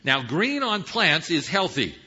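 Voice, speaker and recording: Male preacher teaching scripture, husky and very bright, lively pitch, dull lo-fi recording. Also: a little slow. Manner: teaching Bible verses with rhetorical questions; swings from hushed to emphatic. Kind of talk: sermon. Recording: dull lo-fi sound.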